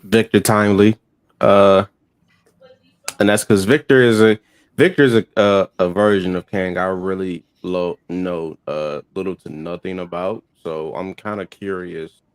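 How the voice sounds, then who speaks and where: A man with a very low, smooth and resonant voice stumbles a little over his words in a group chat. The sound is dry and close. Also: steady tone, dry recording. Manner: halting, hesitant. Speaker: panelist.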